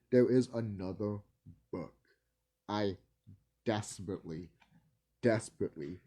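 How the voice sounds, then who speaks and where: A man's voice: on the low side, warm tone. A man vlogging casually, rambling and swearing, laughing easily and stumbling over his words. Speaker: video creator.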